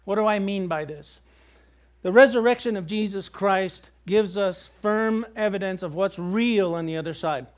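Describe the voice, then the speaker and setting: High-voiced male preacher, conversational. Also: moderate pace. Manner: conversational preaching with jokes and acted quotes. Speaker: pastor. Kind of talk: sermon.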